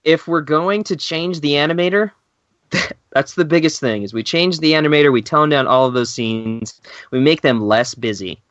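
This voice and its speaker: A man's voice: fairly high pitch, animated, moderate pace, a bit bright, dry recording, lo-fi sound. Emphatic, laughing podcast co-host man. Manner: laughs often, emphatic, swears when worked up. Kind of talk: casual podcast chat.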